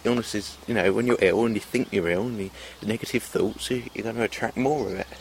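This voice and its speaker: A man's voice: on the low side, fast, gravelly, a little hiss or hum. A man talking to camera in a rambling, hesitant monologue, full of fillers and restarts. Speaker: vlogger. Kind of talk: casual self-filmed monologue.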